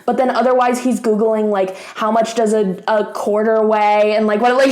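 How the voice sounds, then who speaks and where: A young woman tells a story to her camera in a loose, chatty way, full of fillers and casual swearing. Her voice sits a little high, and the room around her has a noticeable echo. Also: normal speed, darkish tone. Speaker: craft vlogger.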